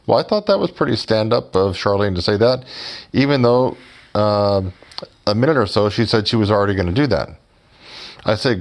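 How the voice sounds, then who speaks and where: A man's voice: lowish voice, animated, moderate pace. A man telling a story to his viewers in a sarcastic, mocking way and speaking directly to them as folks. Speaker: YouTuber.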